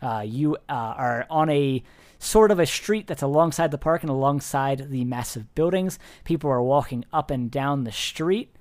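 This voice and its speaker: A man narrating as game master with playful, deadpan descriptions. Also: medium pitch, moderate pace.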